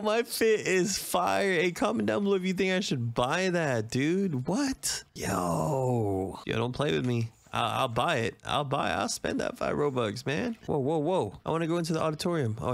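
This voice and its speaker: A young man playing a game on camera, chatting casually and jumping to high yelps and cries when startled. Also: vocal fry, no echo. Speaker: gaming YouTuber.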